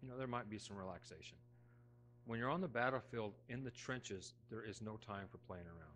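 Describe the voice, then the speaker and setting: Middle-aged pastor preaching with dynamic swings. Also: male voice, lowish voice, brisk, slight background noise. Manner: conversational preaching with sharp swings between loud emphasis and hushed asides; folksy, self-deprecating humor. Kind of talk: sermon. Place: church sanctuary.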